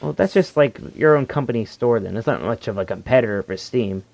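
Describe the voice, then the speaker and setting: A man's voice: medium pitch, animated, brisk, gravelly, a little mellow, dry recording. A man co-hosting a casual gaming news podcast, laughing often and reading listener comments aloud. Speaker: podcast co-host. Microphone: headphones and desk mic.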